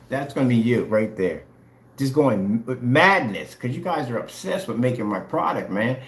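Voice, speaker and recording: A boastful, taunting man trash-talks his rivals in a vlog. His pitch swings up and down a lot. The sound echoes around the room. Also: a little hiss or hum. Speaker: vlogger selling paint products. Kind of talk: trash-talking challenge vlog.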